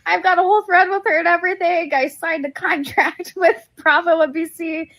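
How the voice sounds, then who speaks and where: A woman fan recording an excited selfie video, giddy and laughing through her words. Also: very high voice, brisk.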